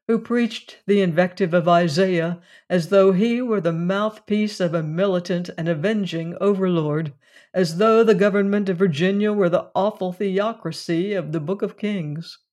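A narrator reading a classic mystery story aloud in a measured, deliberate way. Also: medium pitch, darkish tone.

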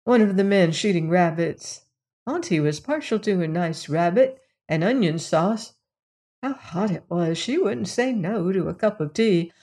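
Slow, measured woman narrating a mystery. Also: fairly low pitch, expressive, mellow. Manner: measured, unhurried storytelling. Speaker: audiobook narrator and host. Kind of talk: scripted narration of a mystery novel.

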